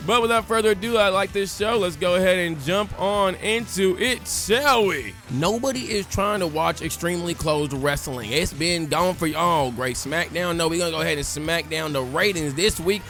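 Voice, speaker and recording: A man's voice: high voice, fairly bright tone. A man giving casual, joking let's-play commentary and acting out crowd chants as he tells the story. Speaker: gaming YouTuber. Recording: faint music underneath.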